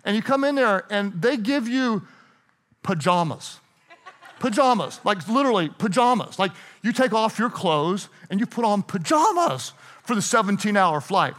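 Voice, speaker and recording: A middle-aged man preaching a sermon, telling stories in an animated way, restarting and repeating himself. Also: high voice, normal speed. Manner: storytelling, animated, self-interrupting with repeated restarts. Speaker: pastor. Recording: hall reverb.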